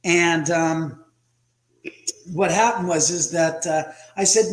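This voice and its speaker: A man on a home video call, telling a ghost story in a casual, animated way and acting out the lines of the people in it. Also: fairly high pitch, takes it slowly, reverberant, low-quality recording. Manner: storytelling, animated, acts out quotes. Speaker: guest, house owner and author. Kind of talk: casual livestream chat.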